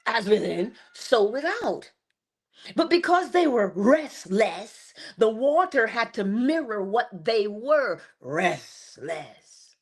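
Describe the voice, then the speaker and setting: A middle-aged woman hosting a morning inspiration livestream, giving a spiritual talk in an animated, preacher-like way with laughs and asides. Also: on the high side, takes it slowly, slightly rough. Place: home, early morning.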